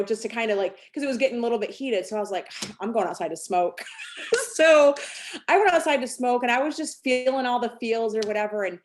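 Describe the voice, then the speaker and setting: A woman's voice: a little high, a little mellow. A woman, a sales team director, telling a rambling personal story on a team call, full of fillers and restarts.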